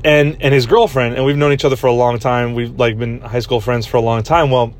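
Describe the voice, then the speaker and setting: A man's voice: medium pitch, little pitch movement, a little fast. A young man telling a rambling story in a casual podcast chat, laughing often and saying "dude" a lot. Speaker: podcast host.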